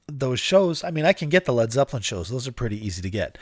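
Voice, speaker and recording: On a studio podcast mic, a man hosts his own solo show, rambling casually with profanity and self-mockery, laughing often while battling a dry cough. His voice is on the low side and sing-song, quick-paced and dryly recorded.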